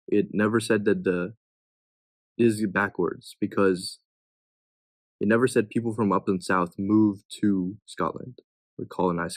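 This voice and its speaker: A man's voice: on the low side, no room sound. A young man tutoring test questions in a casual way, reading each answer choice and thinking aloud as he rules it in or out.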